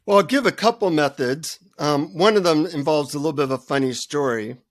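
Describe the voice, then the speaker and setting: An older man, a guest author, telling a self-deprecating story with lively energy in a radio interview. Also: on the high side, fairly quick, no room sound, studio quality.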